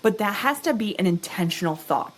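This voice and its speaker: A young adult woman speaking as an interview guest, teaching as she talks. She paints pictures with words and keeps the listener with her through frequent check-ins. Her voice sits at an ordinary middle pitch. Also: fairly quick. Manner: animated teaching, checks in with "right?" and "okay?". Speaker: guest expert on farm stress. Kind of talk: explanatory interview talk.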